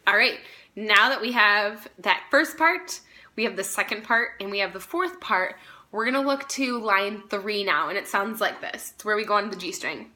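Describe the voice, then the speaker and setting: Pushed and bright, a woman's mid-range voice moves at normal speed as she patiently names notes and counts players in during a string practice lesson. The practice video has violin music playing in the background.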